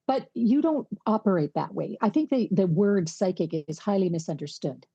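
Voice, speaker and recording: A woman's voice: medium pitch, expressive, moderate pace, gravelly, warm tone, breathy edge, dry recording, muffled recording. A woman co-hosting a podcast in casual conversation, affirming her guest and asking follow-up questions. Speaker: podcast co-host.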